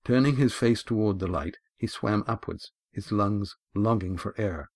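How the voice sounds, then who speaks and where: A man with a low voice reads an audiobook chapter in a measured, even manner. The sound is close and very dry, with no room heard around him, and he is on a studio mic. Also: no room sound. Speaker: narrator. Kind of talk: audiobook narration.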